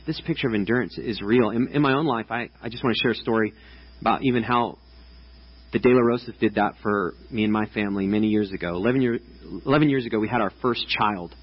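Casual preacher in his thirties, chatty and loose, slightly raspy voice, dull lo-fi sound. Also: lowish voice, fast. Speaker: pastor. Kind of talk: sermon. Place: church stage before a congregation.

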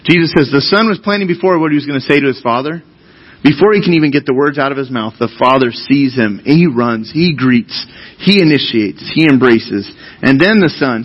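Man pastor preaching, a bit high and husky, dull lo-fi sound, reads the bible then repeats his points for weight. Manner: reads scripture aloud, then explains it with emphatic repetition. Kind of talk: sermon. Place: church.

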